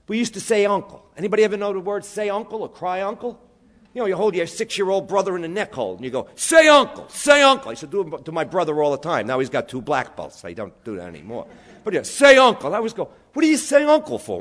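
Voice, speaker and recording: A man with a New York accent telling animated stories to an audience, spelling out words and acting out his family's voices. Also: on the high side, breathy edge. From New York, USA. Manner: lively, spells words out, acts out relatives' voices. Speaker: storyteller speaking to an audience. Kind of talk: animated storytelling talk.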